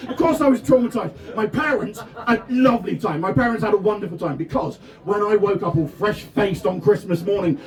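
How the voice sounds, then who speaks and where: High-voiced man doing stand-up in a tent. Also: fairly quick, hardly any pauses, distant mic. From England (Devon). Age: 30s. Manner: self-deprecating, bursts into shouted punchlines. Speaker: stand-up comedian. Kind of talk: stand-up comedy set. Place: festival tent with a live audience.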